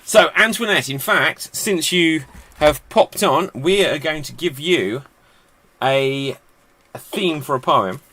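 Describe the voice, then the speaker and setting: A man hosting an online improv comedy show and making up rhyming poems with quick, laughing asides over a video call. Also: on the high side, lively intonation, pushed and bright.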